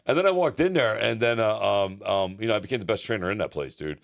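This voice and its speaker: A man's voice: fairly low pitch, fast, vocal fry. A middle-aged man, a personal trainer co-hosting a podcast, telling rambling stories in casual chat with lots of restarts and fillers.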